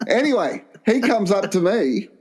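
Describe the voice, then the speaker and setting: A man co-hosting a crude comedy podcast, telling long rambling anecdotes in a deadpan way. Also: high voice, moderate pace. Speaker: podcast co-host.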